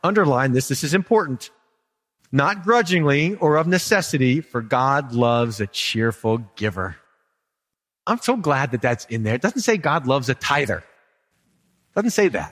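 A man's voice: medium pitch, long reverb tail. A man preaching a sermon as pastor, conversational and humorous, asking the congregation questions.

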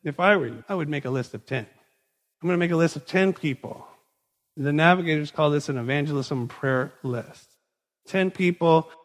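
A male pastor preaching a sermon in a conversational, animated storytelling manner, recorded in a large hall. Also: on the high side, normal speed. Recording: long reverb in a large hall.

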